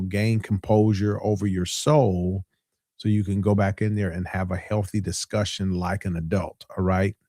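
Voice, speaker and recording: A man's voice: low-pitched, darkish tone, dry recording, clean studio sound. A middle-aged man, a pastor hosting a podcast, telling a story in a casual way and repeating points for emphasis. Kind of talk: casual preaching podcast talk.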